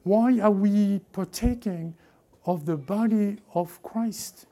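A man delivers a sermon in a high register, taking his time, urging his listeners with fervent, repetitive call-and-response. He swings from loud exhortation to hushed asides.

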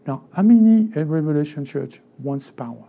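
Man, pastor, French accent, high gravelly voice, sermon, animated. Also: normal speed, lo-fi sound. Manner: animated, acts out voices of church members.

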